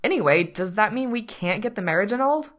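A woman's voice: mid-range voice, animated, quick pace, a bit bright, voice pushed up, close to an everyday voice. A woman voicing an anxious young man who protests and blames himself. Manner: protesting, miserable.

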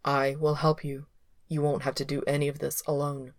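A woman voicing a reserved male cultivator of few words who speaks low, quietly and evenly. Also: flat delivery, normal speed, dry recording, clean studio sound. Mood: calm.

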